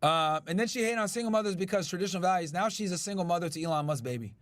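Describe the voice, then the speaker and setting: A brash male podcast host riffs to his live chat in a raised, high-pitched voice. His voice sits dry and close, with no room sound around it, and he swears freely while he reacts to the news. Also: rapid-fire, dry recording. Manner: brash, profane, talks to chat.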